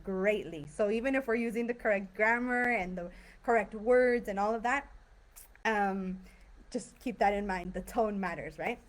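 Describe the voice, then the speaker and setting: A woman's voice: mid-range voice, normal speed. A woman teaching English grammar in a live online class, explaining patiently and acting out example sentences in different tones. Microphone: video call.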